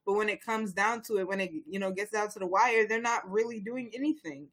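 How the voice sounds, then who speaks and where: This young talk-show co-host chats casually and passionately, wandering off track and restarting again and again. His high, a bit bright voice keeps fairly even intonation and moves fairly quickly.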